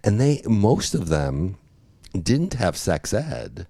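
A man's voice: on the low side, very animated, takes it slowly, mellow, no echo, studio quality. A middle-aged man, once a teacher, telling stories in a casual chat and laughing often.

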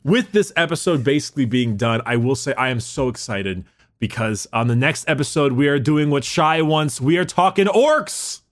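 A young man co-hosting a podcast in casual chat, excited and rambling, swearing casually and laughing often. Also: medium pitch, normal speed. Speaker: podcast co-host.

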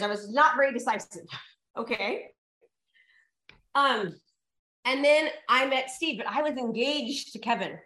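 Woman, high voice, motivational speaker coaxing a live crowd, echoey room. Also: moderate pace, sharp tone. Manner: emphatic and repetitive, coaxing the audience. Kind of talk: motivational talk to a live audience.

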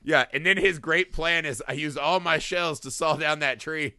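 A man co-hosting a casual movie review chat, talking in an animated way, acting out lines from scenes, laughing often and swearing. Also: on the high side, normal speed, no echo, clean studio sound. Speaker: podcast co-host.

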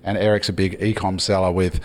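A man's voice: deep voice, level tone, fairly quick. A man hosting a podcast interview, steering with questions. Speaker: podcast host. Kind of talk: casual interview.

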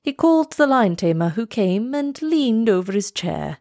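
Expressive woman reading a storybook. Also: a little high, moderate pace, few pauses, dry recording, studio quality. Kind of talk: storybook read-aloud.

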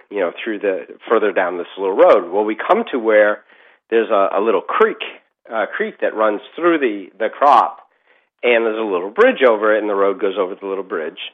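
A man's voice: lowish voice, expressive, a little fast, narrow, tinny audio. A middle-aged man telling a ghost story in casual chat, rambling with lots of fillers and restarts.

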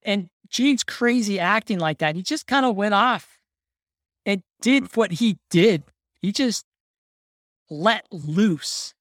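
A woman co-hosting a casual podcast chat, excitable, laughing often and saying "like" a lot. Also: medium pitch, slow, dry recording, clean studio sound. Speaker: podcast co-host. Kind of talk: casual chat about a film.

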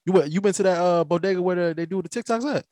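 This podcast host from the American South has a high voice and races through his words. He tells stories animatedly in a casual chat, often restarting mid-thought and laughing along the way.

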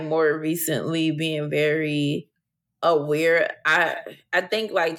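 A man, a podcast co-host, speaking reflectively and haltingly in a casual chat, laughing easily. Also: a little high, pushed and bright.

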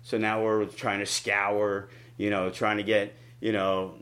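A man, a wrestling promoter, telling stories in a casual interview, acting out quotes with big jumps in his voice. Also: measured pace. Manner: animated, acts out quotes with big pitch jumps.

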